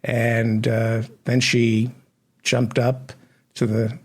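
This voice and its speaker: A man hosting a satirical comedy news show, delivering sardonic, deadpan asides. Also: mid-range voice, very slow.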